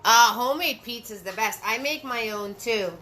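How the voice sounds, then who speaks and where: A paint party instructor hosts a live painting lesson, walking viewers through brush steps, repeating key phrases and chatting with them by name. Her voice is high-ish, bright and pushed, at normal speed, with slight background noise.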